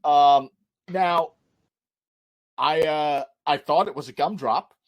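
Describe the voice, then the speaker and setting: A man with a slightly high voice tells a comedy anecdote from home over a video call. He rambles with plenty of ums and uhs. He keeps breaking into giggles as he goes. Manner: rambling, giggly anecdote telling with many fillers. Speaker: comedian and panel host. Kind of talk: storytelling comedy chat.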